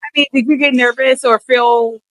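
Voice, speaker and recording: A woman's voice: a little high, fairly even intonation, moderate pace, a bit bright, dry recording, rough recording. A woman interviewing a guest for a news clip, amused and laughing often. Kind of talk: interview questions.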